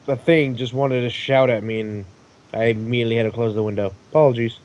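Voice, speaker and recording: A man's voice: mid-range voice, steady tone, fast talker, a little mellow, highs cut off. A man playing a tabletop game who chats in a joking, apologetic way. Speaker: player.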